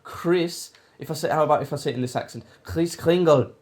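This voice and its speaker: A man's voice: fairly high pitch, quick pace. A young man from England hosting a casual podcast, teasing his friend and laughing often. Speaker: podcast host. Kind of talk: casual chat.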